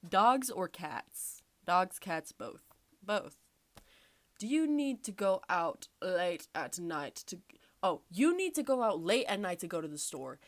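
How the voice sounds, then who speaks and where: A woman's voice: on the low side, dry recording. Wry, swearing woman reading a quiz. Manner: sarcastic, swears freely, laughs often. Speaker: podcast host. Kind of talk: casual chat, reading quiz questions aloud.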